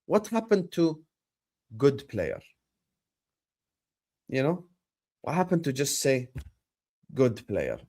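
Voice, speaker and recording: A man's voice: mid-range voice, wildly swooping pitch, slow pace, long pauses, darkish tone. A man hosting a livestream about football, arguing his points emphatically with rhetorical questions. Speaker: streamer and football pundit.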